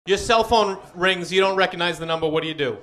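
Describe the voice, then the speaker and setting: Male stand-up comic, high voice, lively storyteller, crowd noise behind. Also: fast talker. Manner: animated storytelling, acts out quoted voices. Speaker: stand-up comedian. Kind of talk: stand-up comedy routine.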